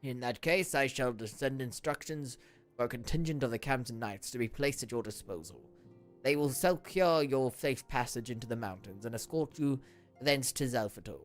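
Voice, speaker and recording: Man reading as a stately older lord from a fantasy game, formal, courteous, middle pitch. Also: moderate pace, faint music behind, close to an everyday voice. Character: dignified older male nobleman lord.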